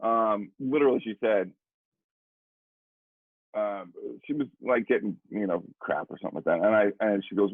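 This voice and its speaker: A middle-aged man speaks in a husky voice, rambling through an animated story and repeating himself as he talks. The sound is tinny and phone-like, with a dry, close feel and no room around it. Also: lowish voice, normal speed, long pauses, no echo. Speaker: guest drummer and educator. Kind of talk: casual storytelling conversation.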